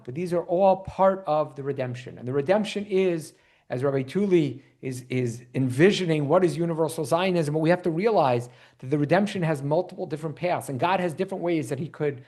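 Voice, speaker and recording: A man, a rabbi, teaching an online Bible class and quizzing his listeners. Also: a little high. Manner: animated, quizzes the audience.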